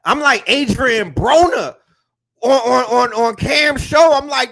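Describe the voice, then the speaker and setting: A man's voice: very high-pitched, animated, slow pace, vocal fry, sharp tone. A man hosting an online talk, speaking emphatically with slang and lots of repetition. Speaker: host. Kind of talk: animated lecture-style talk.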